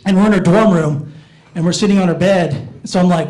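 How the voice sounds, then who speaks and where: A man with a high, light voice telling self-deprecating stories in a stand-up comedy set on a small theater stage. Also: a little fast, darkish tone, poor audio. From Iowa, USA. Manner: self-deprecating storytelling, jumps up in pitch for inner thoughts.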